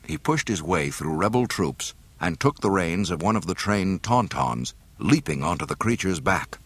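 A man reading a story aloud in an expressive, dramatic narration. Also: deep voice, moderate pace, few pauses, slightly rough, no room sound. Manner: expressive, voicing every character.

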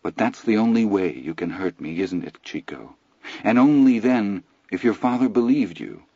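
A man narrator voicing a calm, cold, controlling middle-aged stepmother who speaks low and quietly cutting. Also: moderate pace, slightly rough, dry recording, muffled recording. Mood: icy calm.

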